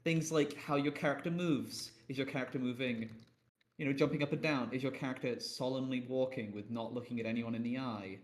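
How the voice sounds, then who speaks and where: A man chatting on a video call, mid-pitched and lively. He tells stories about his own blunders with quick bursts of energy and a self-mocking edge. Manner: animated, self-deprecating storytelling with swearing. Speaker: panelist on a roleplay Q&A stream. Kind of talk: casual chat.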